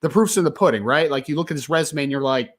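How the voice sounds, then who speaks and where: A young man hosts a live sports talk stream, emphatic and visibly frustrated. His pitch rises and falls widely as he pushes his points. He keeps talking casually and directly to his viewers. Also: fast talker. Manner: frustrated, emphatic, ranting then calming. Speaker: sports podcast host.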